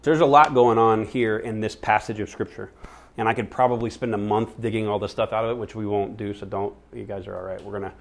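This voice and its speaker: A man's voice: on the low side, steady tone, fast, gravelly. A man preaching as pastor, reading a long scripture passage aloud and dropping in joking asides.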